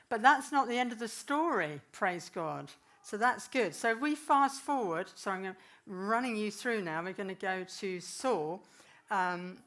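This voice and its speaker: A woman preaching a sermon, telling Bible stories in a lively way and acting out the figures. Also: medium pitch. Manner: lively storytelling, voices the figures, laughs.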